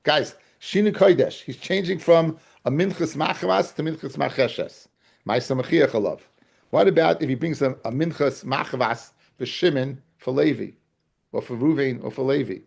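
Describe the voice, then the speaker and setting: A man's voice: mid-range voice, moderate pace, vocal fry. A man teaching a Talmud class, repeating key points and often asking his students whether they follow. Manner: keeps checking his class understands, calls them guys and fellas; repeats key phrases and restarts to drive points home. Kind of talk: Talmud study lecture.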